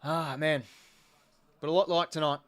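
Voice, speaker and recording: A higher-pitched Australian man calls a football match live as a fan watching along. He swears freely and gets worked up over every play, with loose, chatty commentary. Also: fairly even intonation, normal speed, fairly bright tone, no echo. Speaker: host.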